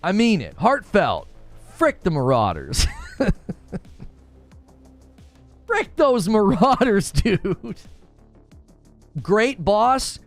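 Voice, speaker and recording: A man hosting a casual livestream, chatting excitably, repeating himself and reacting to his chat. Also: high voice, extremely slow, pauses often, faint music behind. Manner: animated, excitable, repeats himself, shouts when cheering. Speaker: livestream host.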